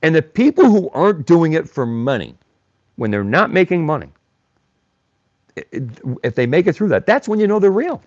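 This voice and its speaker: Male livestream host, mocking and blunt, very animated delivery, dull dry sound. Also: a little high, normal speed, no room sound. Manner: blunt, combative, mocks chatters by name. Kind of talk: live-stream rant reading chat.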